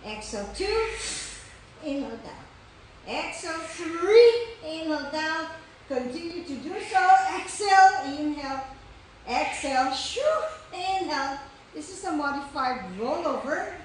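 A woman fitness instructor leading a core workout, counting breaths and cheering with loud whoops. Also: high-pitched, animated, measured pace, recorded from a distance, slight background noise. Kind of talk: guided core workout class. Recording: echoey room, voice from off-mic.

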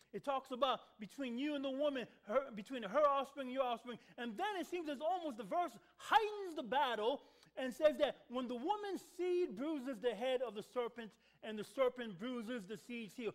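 High, lively-voiced preaching pastor. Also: male voice, moderate pace. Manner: call-and-response with the congregation, repeats words for emphasis. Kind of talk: sermon. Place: church sanctuary.

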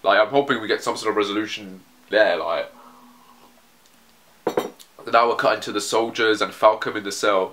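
A man's voice: fairly low pitch, moderate pace, pauses often, sharp tone. Rambling man doing a manga reaction. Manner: rambling, with frequent restarts and swearing. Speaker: manga reaction video host. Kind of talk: casual reaction commentary.

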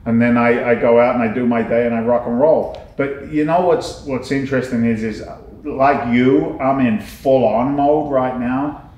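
A middle-aged man in a casual interview, an animated, slangy storyteller. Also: medium pitch, normal speed. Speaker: guest, business owner. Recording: echoey room.

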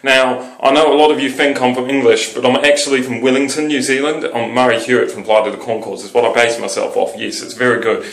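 A dry, proud New Zealander, as an Englishman puts him on. He talks plainly and flatly, a touch higher than normal. The sound has a room echo. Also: quick pace, gravelly, hardly any pauses, natural voice. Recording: echoey room.

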